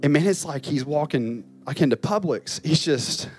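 A man's voice: fairly high pitch, animated, moderate pace, breathy edge, faint music behind. A man, a campus pastor, preaching a chapel sermon and telling a story with emotion, at times crying. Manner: emotional storytelling, voice rising and breaking.

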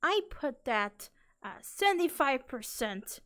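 Woman streamer, high voice, bubbly and jumpy, playful catchphrases, soft music underneath. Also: slow. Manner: bubbly and excitable, easily startled into loud yelps and laughter. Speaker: live streamer. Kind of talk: casual live-stream chat.

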